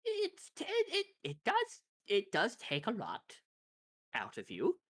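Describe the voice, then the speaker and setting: A woman's voice: medium pitch, huge pitch swings, a little slow, dry recording. A woman voicing an eccentric female wizard shopkeeper who rambles and hesitates, then turns grandiose. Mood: rambling.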